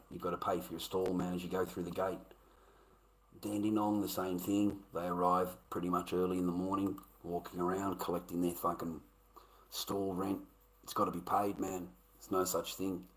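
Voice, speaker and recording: A man's voice: low-pitched, poor audio. A middle-aged man with an Australian accent, swearing and rambling through stories as a livestreamer. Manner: profane, rambling, laughs while telling stories. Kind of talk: casual storytelling rant.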